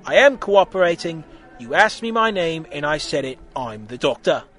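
A man's voice: fairly high pitch, sing-song, moderate pace, sharp tone, faint music behind. A man reading a story aloud, voicing a quirky male alien traveler who talks in a chatty, indignant way.

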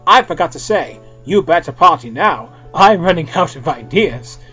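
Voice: mid-range voice, lively intonation, moderate pace, sharp tone, highs cut off, soft background music. A reader doing a flustered scatterbrained author. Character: scatterbrained, foul-mouthed story author. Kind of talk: comic fan-fiction reading.

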